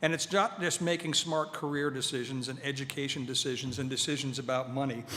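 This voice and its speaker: A man giving a formal speech to an audience at a veterans' event, measured and earnest, with touches of light humor. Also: mid-range voice, steady tone, bright, forceful tone, a little hiss or hum. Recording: hall reverb, faint ambience.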